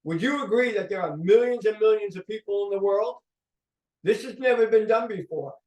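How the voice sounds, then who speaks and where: A man's voice: fairly quick, a little mellow. A man giving an upbeat sales presentation as a company founder, often checking in with the audience. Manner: upbeat pitching, checks in with "okay?". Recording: echoey room, voice from a distance.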